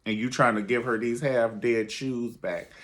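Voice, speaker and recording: A man's voice: mid-range voice, fairly even intonation, unhurried, fairly bright tone. A man reviewing a reality show in a sassy, theatrical way, calling everyone honey. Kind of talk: casual commentary video.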